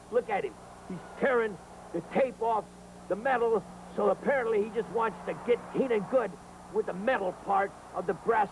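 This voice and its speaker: Excitable high gravelly wrestling commentator man. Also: background noise. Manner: hyped, talks straight to the fans. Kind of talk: excitable over-the-top commentary.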